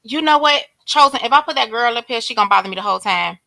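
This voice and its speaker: A woman hosting a casual live stream from her bedroom, greeting chat viewers by name in drawn-out hellos, sniffling now and then. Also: on the high side, lively intonation, gravelly, bright, forceful tone, no room sound, low-quality recording. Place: home bedroom.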